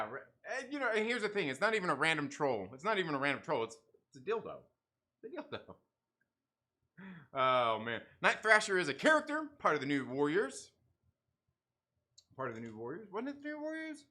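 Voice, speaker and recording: A man's voice: high-pitched, sharp tone. A man hosting a casual livestream who reads out chat comments, laughs often and banters with viewers. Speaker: livestream host.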